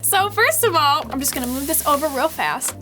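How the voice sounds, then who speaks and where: A young woman hosting a casual food tasting vlog, bubbly and chatty, full of excited fillers. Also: high voice, a little fast, music in the background. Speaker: host.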